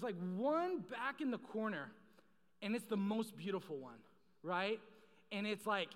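A young man with a high voice preaches in a large hall, and the sound rings with a long reverb. He jokes, tells stories and calls out to the crowd in a casual, lively way. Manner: casual, joking, animated storytelling with the crowd. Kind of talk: sermon.

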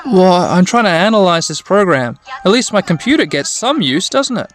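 A studious boy computer whiz, earnest and analytical, with his pitch lifted, as a man voices him. Faint music sits behind him. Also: expressive, moderate pace. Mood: keen.

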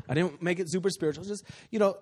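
Storytelling pastor in a reverberant church. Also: male voice, sits high, darkish tone. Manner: conversational preaching, acts out quoted people. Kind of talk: sermon with personal stories. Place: church sanctuary. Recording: long hall reverb.

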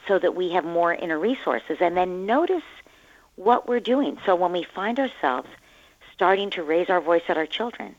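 A woman guest on a radio interview, explaining parenting in a calm, gentle way. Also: on the low side, muffled recording.

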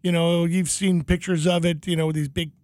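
Casual storyteller, man, high voice, dry close mic, animated anecdotes. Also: a little fast, dry recording.

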